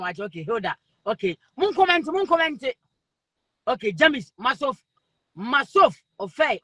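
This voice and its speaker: A man with a Ghanaian accent hosting a live stream, reading out viewer comments, excitable, laughing often and calling out names over and over. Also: extremely high pitch, no room sound.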